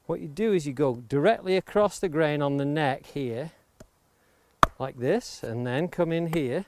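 A man's voice: on the high side, measured pace. Man explaining axe carving step by step. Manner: steady, explains each step aloud and stresses safety. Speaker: woodcarving instructor. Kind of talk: hands-on demonstration tutorial. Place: outdoors near the coast. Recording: clear background noise of chopping and clicks. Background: axe chops and clicks.

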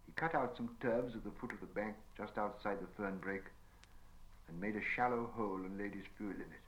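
A man's voice: on the low side, fairly bright tone, rough recording. Man narrating a fantasy audiobook. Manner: measured storytelling delivery. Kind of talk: scripted narration.

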